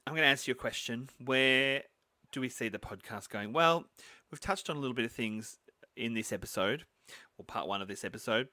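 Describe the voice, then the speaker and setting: A man's voice: on the low side, sharp tone, no room sound. A man co-hosting a fan podcast in casual chat, enthusiastic as he reads out listener voice notes and answers them. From Australia. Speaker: podcast co-host.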